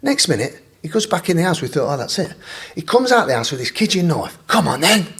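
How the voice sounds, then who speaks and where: A man, a podcast guest, telling a wild story in an animated way, laughing and swearing freely. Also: on the high side, fast talker, husky. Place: podcast studio.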